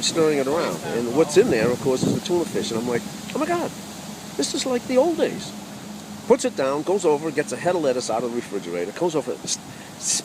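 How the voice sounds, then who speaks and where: A man's voice: fairly high pitch, noisy background. A man telling a humorous personal story with wry asides to the audience.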